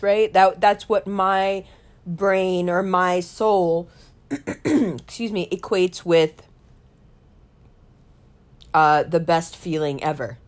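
A middle-aged woman telling a story in a casual chat, animated and swearing, saying "like" a lot. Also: medium pitch. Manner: animated, swearing, heavy use of "like".

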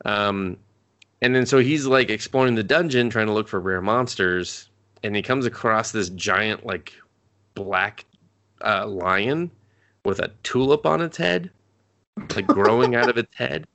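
Gravelly low-voiced man recapping anime. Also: a little slow, fairly bright tone. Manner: rambling, swears freely, laughs while telling. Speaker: podcast co-host. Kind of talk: casual anime recap chat.

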